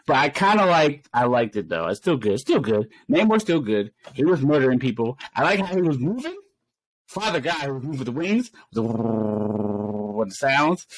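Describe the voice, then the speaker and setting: A man co-hosting a podcast, chatting casually and animatedly, with bursts of high-pitched exclamations and laughter. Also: no echo. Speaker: podcast co-host.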